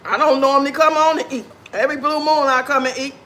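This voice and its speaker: A man's voice: very high-pitched, steady tone, fast, sharp tone. A man hosting a casual livestream while eating, talking with food in his mouth and trading blunt, sassy trash talk with his chat viewers. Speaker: livestream host.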